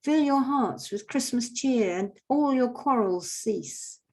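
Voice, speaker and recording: A woman voicing an old Father Christmas in a folk mummers' play, a peacemaking guardian who pleads in slow rhymed verse. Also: a little high, animated, a little mellow, pitched above the performer's own voice. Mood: solemn.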